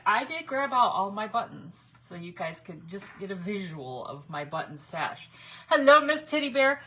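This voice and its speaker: A woman's voice: on the high side, sharp tone, poor audio. A middle-aged woman, hosting a casual craft livestream, folksy and chatty as she greets viewers by name. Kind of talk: casual live-stream chat.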